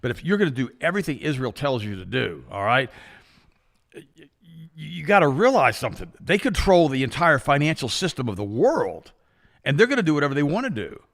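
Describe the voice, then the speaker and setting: An impassioned male talk-show host with a gravelly edge. He talks quickly, with a lively, swinging pitch. He drives each point home with emphatic repetition. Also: in a large hall. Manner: emphatic, impassioned, repeats himself. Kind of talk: casual talk-show commentary.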